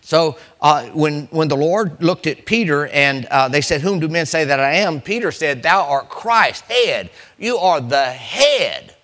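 A man preaching a sermon as pastor, restarting phrases and building to emphatic, slowed punchlines. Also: on the high side, lively intonation, fairly bright tone.

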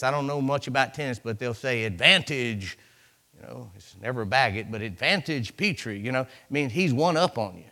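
A man's voice: a little high, fairly bright tone. A man preaching a sermon in a church, chatty and conversational, acting out asides and breaking in with hallelujahs. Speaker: pastor.

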